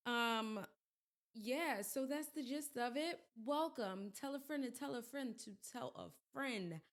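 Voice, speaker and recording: A woman hosting a podcast in casual chat, her voice crackly and hoarse as she gets over being sick, talking in chatty, self-deprecating asides. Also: a little high, measured pace. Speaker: podcast host.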